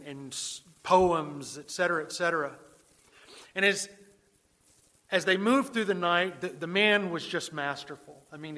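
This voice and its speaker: A man preaching from the pulpit, his voice slightly high and strikingly bright and forceful. He tells stories earnestly, stumbling over repeated words as he drives his point home. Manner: storytelling, earnest, repeats words when emphatic. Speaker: pastor. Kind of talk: sermon.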